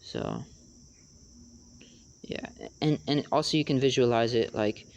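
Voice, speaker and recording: A young man explaining rap rhyme schemes in a casual tutorial, halting with many fillers. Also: medium pitch, huge pitch swings, vocal fry, darkish tone, slight background noise. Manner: halting, many fillers, raps lines to demonstrate.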